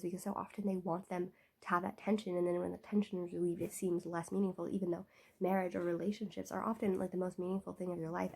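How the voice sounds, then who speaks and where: Husky, gravelly-voiced sick woman vlogger. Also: on the low side. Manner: rambling, full of "like" fillers, animated rants. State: sick, coughing. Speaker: book vlogger. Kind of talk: casual chat. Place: indoors at home.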